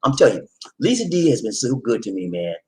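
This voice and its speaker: A woman hosting a casual chat, telling a story in an animated way with laughter. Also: very deep voice, fast talker, rough recording. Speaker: host.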